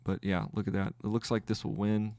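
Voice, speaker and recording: Gravelly low-voiced man talking through trades. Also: flat delivery, dark tone, no room sound, clean studio sound. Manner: thinking aloud, halting, counting trades. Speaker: trading podcast host. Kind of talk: live trading commentary.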